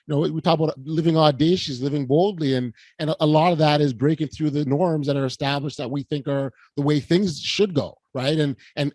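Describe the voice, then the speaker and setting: A man hosting a podcast interview, reacting warmly and restarting his sentences often. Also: on the high side, dry recording. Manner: affirming, with frequent restarts. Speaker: podcast host. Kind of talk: interview conversation.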